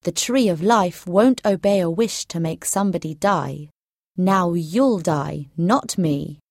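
A woman's voice: fairly low pitch, slow pace, creaky, darkish tone, no echo, studio quality, heavily acted. A woman voicing a brave young man who speaks firmly and emphatically in a storybook reading. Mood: determined.

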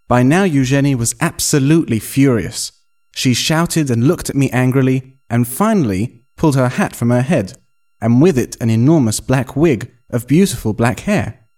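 Man narrating a story with lively pitch. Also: moderate pace. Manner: expressive first-person storytelling.

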